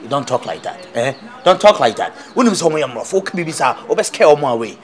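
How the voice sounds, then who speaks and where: An actor with a Ghanaian accent playing an excitable school proprietor who agrees quickly and scolds freely. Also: male voice, fairly high pitch.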